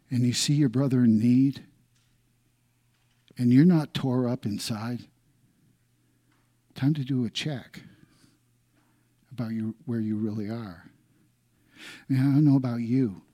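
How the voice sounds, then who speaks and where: A middle-aged man preaching a sermon, swinging from loud emphatic lines down to hushed, almost whispered ones. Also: medium pitch. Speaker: pastor.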